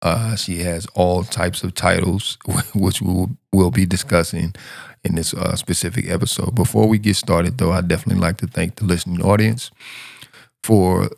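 A man hosts a podcast in a very deep, gravelly voice with a flat, even delivery. He rambles, repeating and restarting words as he goes. The sound is close and dry. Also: normal speed, no room sound. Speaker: podcast host. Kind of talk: casual podcast interview.

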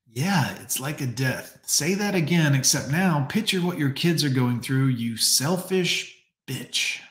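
A man's voice: medium pitch, lively intonation, unhurried, echoey room. A man streaming live, mocking clips with sarcastic commentary and talking to his chat.

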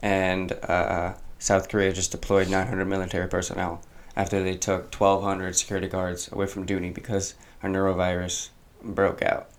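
A man co-hosting a podcast, chatting casually and reading out news in a flat, deadpan way. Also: low-pitched, moderate pace. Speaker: podcast co-host.

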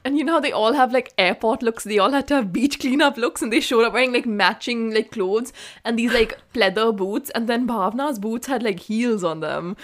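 A woman with an Indian accent co-hosting a podcast, animated, blunt and quick to laugh. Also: fairly high pitch. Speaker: podcast co-host. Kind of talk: casual chat.

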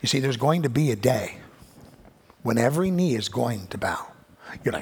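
A male pastor delivers a sermon with a gravelly, husky voice. He builds to emphatic, rising peaks. He slips into the voices of imagined listeners, then drops low and quiet again. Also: very animated, normal speed.

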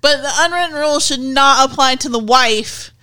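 A woman's voice: sits high, normal speed, bright, forceful tone. A woman, the host's wife, chiming in on a podcast with teasing, giggly remarks in casual chat.

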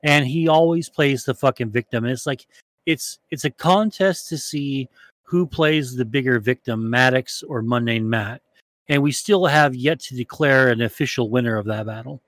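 A man's voice: mid-range voice, moderate pace, a bit bright, dry recording. Rambling, swearing male podcast co-host. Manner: rambling, profane, many fillers and restarts. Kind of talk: casual chat.

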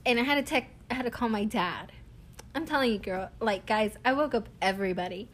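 Young woman vlogging, chatty storyteller, kinda high voice, laughs a lot. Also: brisk, slight background noise. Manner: animated, chatty, laughs often. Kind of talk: casual storytelling to camera.

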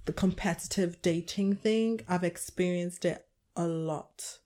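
This young Liverpool-accented woman from England co-hosts a laid-back chat podcast, and her voice is fairly low with a measured pace. She tells her stories animatedly, performing other people's lines as she goes.

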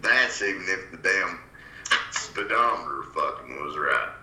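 A man in casual podcast chat, halting with many fillers and swearing freely. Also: low-pitched, lively intonation, bright, forceful tone, echoey room. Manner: halting, profane, drawling. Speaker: podcast co-host.

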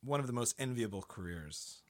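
A man's voice: medium pitch, lively intonation, brisk. A male podcast host giving short, agreeable replies in a casual interview.

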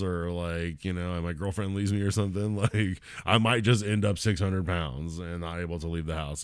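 A man's voice: low-pitched, clear, resonant tone, no room sound, clean studio sound. A man hosting a solo comedy podcast, rambling, swearing a lot and mocking himself. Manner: profane, rambling, self-deprecating. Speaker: podcast host and stand-up comedian. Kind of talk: casual solo podcast monologue.

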